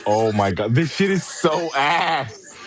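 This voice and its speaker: A man's voice: mid-range voice, expressive, takes it slowly, faint music behind. A man co-hosting a casual wrestling podcast who complains in an exaggerated, jokey way. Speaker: podcast co-host. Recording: faint background noise.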